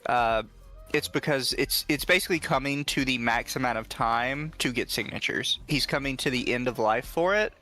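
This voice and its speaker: A man's voice: mid-range voice, moderate pace, pushed and bright, soft background music. A man in casual stream chat who keeps clarifying and correcting points. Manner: explains and corrects points, chatty.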